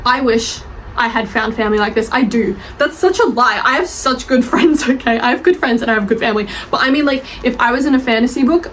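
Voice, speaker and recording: A young woman gushes about her favorite books in a rambling, casual vlog. Her voice sits slightly high, and she swears and laughs freely. A faint ambient hum sits under her voice. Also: quick pace, poor audio. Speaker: book reviewer and author. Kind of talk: casual bookish vlog chat.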